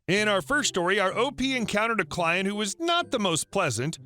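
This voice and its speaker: A man reading online revenge stories as a scripted narration, upbeat and expressive. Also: high-pitched, brisk. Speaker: story narrator.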